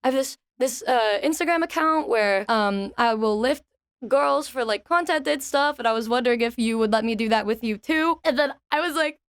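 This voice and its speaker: A young woman co-hosting a podcast, telling a story in a lively way and acting out quoted lines with squeaky bursts. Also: normal speed, smooth, dry recording. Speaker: podcast co-host. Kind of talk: casual chat.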